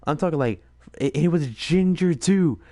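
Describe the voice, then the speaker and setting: A man's voice: on the high side, normal speed, mellow, no room sound. A man rambling in a casual late-night chat, full of fillers and laughter. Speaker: streamer host.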